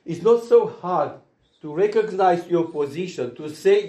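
A man's voice: high voice, lively intonation, a little slow. Earnest preacher man in an echoey room. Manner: earnest, swings between loud emphasis and hushed asides. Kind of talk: sermon.

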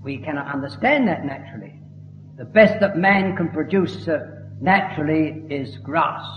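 A man's voice: a little high, lively intonation, moderate pace, slight background noise. A man preaching a sermon, emphatic and building to fervent declamation. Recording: echoey hall, dull lo-fi sound.

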